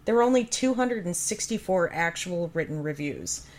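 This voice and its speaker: A woman in her thirties co-hosting a podcast, reading out reviews and chatting in an even, measured way. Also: fairly low pitch. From United States. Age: 30s. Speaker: podcast co-host. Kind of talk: casual chat, reading reviews aloud.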